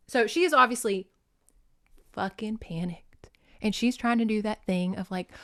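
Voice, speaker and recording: Female host, casual book recap, lively and profane, talks straight to the listener. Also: medium pitch, moderate pace. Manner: animated, profane, addresses listeners as "y'all". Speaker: podcast host.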